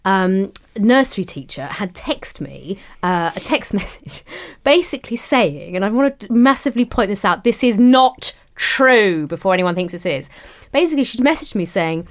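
A woman's voice: medium pitch, lively intonation, normal speed. A woman in her thirties from Hertfordshire co-hosting a podcast, telling stories in a chatty, giggly way with lots of restarts. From Hertfordshire, England. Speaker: podcast co-host. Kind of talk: casual chat.

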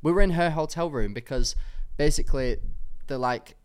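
A woman's voice: sits low, normal speed, darkish tone, smooth. A young woman, telling stories in a casual podcast chat. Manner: chatty, storytelling, giggly. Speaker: podcast co-host.

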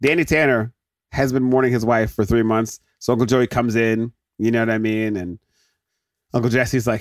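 A male podcast host with a mid-range voice recaps a sitcom episode, animated and full of jokes. He keeps slipping into quick mock voices for the characters, and the studio sound is clean, with no echo.

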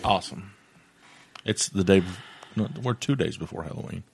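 A man's voice: low voice, moderate pace, vocal fry, faint music behind. A man in his thirties co-hosting a casual chat, easygoing and bantering. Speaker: podcast co-host.

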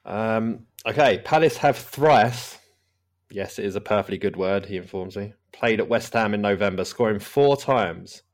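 Low-voiced man hosting a casual football podcast. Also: normal speed. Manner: rambling, laughs often. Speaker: podcast host. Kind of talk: casual chat.

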